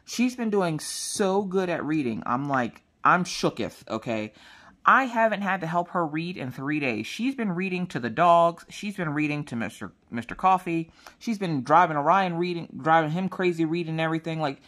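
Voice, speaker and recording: A woman's voice: low-pitched, animated, normal speed, fairly bright tone. Brief: woman in her thirties, casual crafting chat, rambling storyteller. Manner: chatty, rambling storytelling with quoted dialogue. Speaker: crafting vlogger.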